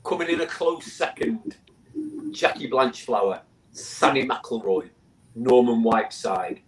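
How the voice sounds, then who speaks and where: A man talks on a casual panel discussion as a guest. His voice sits at an ordinary middle pitch. He tells stories eagerly, reads quotes aloud and restarts his sentences often. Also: animated, unhurried, rough recording. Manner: enthusiastic storyteller who reads quotes aloud with frequent restarts. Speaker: guest, memorial foundation chairman.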